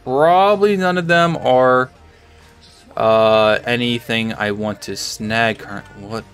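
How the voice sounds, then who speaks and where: A man's voice: medium pitch, takes it slowly, a bit bright, faint music behind. A man casually commentating his own gameplay as a channel host, rambling and chatty, with lots of filler words and restarts. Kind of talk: casual let's-play commentary.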